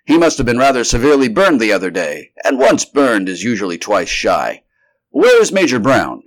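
A man reading the lines of a brisk, commanding male scientist who gives clipped, urgent orders in a storybook reading. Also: mid-range voice, huge pitch swings, pitched above the performer's own voice.

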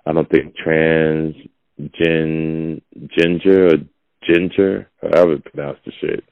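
Podcast host, man, very deep rough voice, blunt and preachy. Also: little pitch movement, slow, no echo. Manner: blunt, preachy, gravelly and low. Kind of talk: casual opinionated monologue. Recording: dull lo-fi audio.

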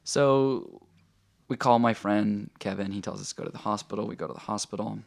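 A man as a guest telling a personal story in a casual, animated way, full of fillers and acted-out quotes. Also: on the low side, a little fast, creaky. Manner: animated, acts out quoted voices, filler-heavy.

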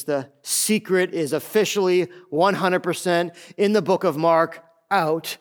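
Middle-aged guy preaching, kinda high voice, acts out everyone's lines. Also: normal speed, few pauses, smooth. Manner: animated, acts out voices of others. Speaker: pastor. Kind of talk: sermon.

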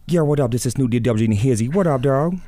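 A man's voice: mid-range voice, animated, a little fast, mellow, slight background noise, pitched above the performer's own voice, lightly acted. A man impersonating a laid-back male rapper with a slangy drawl.

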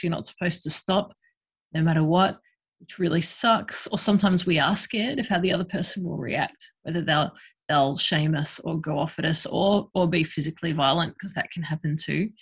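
Woman guest, husky, frank and chatty. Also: lowish voice. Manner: frank, chatty, lots of fillers. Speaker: guest, sex worker and educator. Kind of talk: casual podcast conversation.

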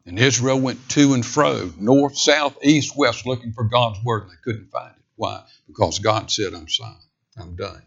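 Forceful preacher man, lo-fi sermon recording. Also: mid-range voice, normal speed, gravelly, hardly any pauses, husky. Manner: emphatic, swinging between raised declamation and hushed near-whisper.

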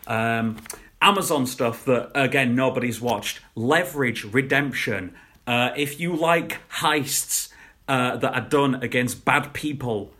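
A man's voice: mid-range voice, slow pace, bright, forceful tone. A young man co-hosting a podcast, chatting casually and rambling about shows, laughing at his own jokes. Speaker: podcast co-host. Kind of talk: casual chat reviewing shows.

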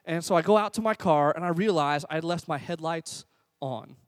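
A man preaching a sermon as a youth pastor, energetic and exhorting, drawing the congregation into call-and-response. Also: on the high side, a little fast, dry recording. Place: church service before a congregation.

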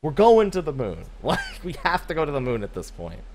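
A man's voice: a little high, wildly swooping pitch, brisk, a little mellow, slight background noise. A man co-hosting a gaming podcast, rambling casually, laughing often and swearing now and then. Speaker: podcast co-host.

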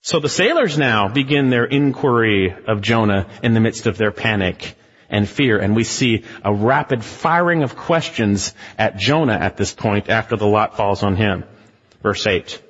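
A man preaching a sermon as a pastor, emphatic, with rhetorical questions and shifts between loud and hushed delivery. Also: fairly low pitch, expressive, normal speed, husky. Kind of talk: expository sermon. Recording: muffled, reverberant sanctuary recording.

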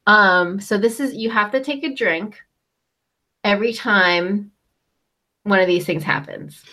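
A woman's voice: medium pitch, unhurried, sharp tone. A young woman co-hosting a casual chat, recapping a show with lots of "um" and "like". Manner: chatty, lots of fillers like "um" and "like". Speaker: co-host recapping a reality show.

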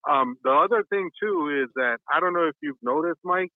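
A man calling in to a show, chatting casually, halting and correcting himself with many ums. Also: on the high side, no echo. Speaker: caller. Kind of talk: casual chat. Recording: tinny phone line.

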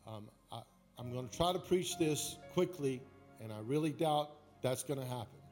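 A man's voice: mid-range voice, animated, normal speed, a little mellow, faint music behind. A man preaching a sermon in a church, emotional and calling the congregation to repeat words after him. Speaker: pastor. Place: church sanctuary.

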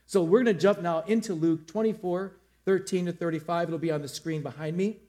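A man preaching a lively sermon to a church, acting out the story's characters in quick voices. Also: fairly high pitch. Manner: animated, acts out scenes in character voices. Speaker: pastor. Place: church auditorium with a screen.

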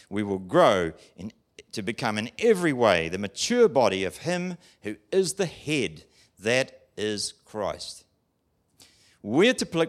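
Animated man preaching a sermon. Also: mid-range voice. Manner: animated, emphatic, asks the audience questions.

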